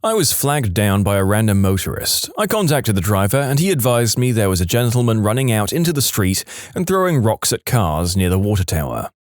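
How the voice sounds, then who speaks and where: A man narrates reader-submitted stories for a podcast, close on a studio mic. His pitch swings widely as he tells each one, in a lively storyteller style. The sound is dry, with no room around it. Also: brisk, no room sound.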